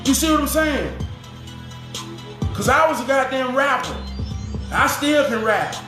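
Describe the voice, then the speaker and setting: Man, impassioned profane rant, very high voice, echoey room, faint music. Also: expressive, measured pace. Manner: fiery, profane, preaching.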